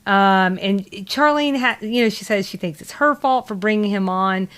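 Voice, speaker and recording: A woman's voice: mid-range voice, normal speed, a bit bright, clear, resonant tone. A woman from the American South with a Southern accent, co-hosting a podcast and recapping an episode in loose, rambling chat full of fillers. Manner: rambling, many fillers and restarts. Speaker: podcast co-host.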